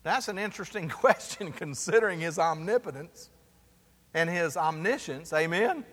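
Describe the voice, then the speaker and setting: A man's voice: on the high side, lively intonation, normal speed, a bit bright, long reverb tail. A man, the pastor, preaching a sermon and asking the congregation for responses as he goes. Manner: preaching with call-and-response asides.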